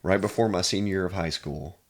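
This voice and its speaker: A man's voice: low-pitched, a little fast. A man from Pennsylvania, a chiropractor guest, telling personal stories in an earnest, casual way. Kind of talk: casual storytelling.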